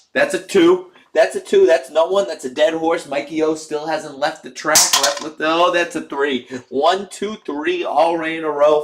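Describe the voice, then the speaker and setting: A young man talks through a live stream in a loose, excitable way, cheering on players and ribbing his viewers by name. His voice sits a little high for a man, and his delivery is chatty and unpolished. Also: heavy background noise. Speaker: livestream host. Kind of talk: casual live-stream commentary.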